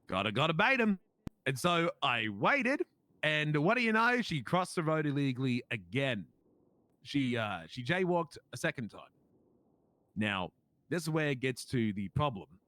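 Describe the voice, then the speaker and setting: A man's voice: a little high, very animated, a little slow, sharp tone. A man with an Australian accent playing a police officer in a role-play game, telling his story in an indignant, emphatic way.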